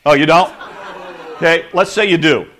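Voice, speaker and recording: A man preaching a sermon, playful and animated, acting out little scenes with the audience. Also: on the high side, normal speed. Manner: animated, playful, acts out quotes. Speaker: pastor.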